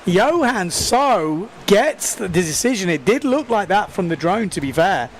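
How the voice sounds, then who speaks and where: Guy commentating live outdoors, kinda high voice, gets excited, faint noise behind. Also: measured pace. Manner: excitable, talks over the action. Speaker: windsurfing commentator.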